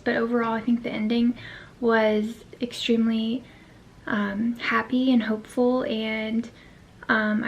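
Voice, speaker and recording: A woman's voice: on the high side, lo-fi sound, a little hiss or hum. A tired woman chatting to camera as a book vlogger, rambling with lots of fillers and the odd whispered aside. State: tired, yawning. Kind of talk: casual chat to camera.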